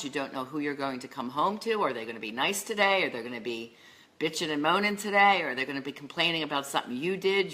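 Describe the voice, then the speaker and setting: A woman's voice: low-pitched, a bit bright. A middle-aged woman life and love coach, talking earnestly to camera about relationships, with lists and filler words. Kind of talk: solo talk to camera on relationships.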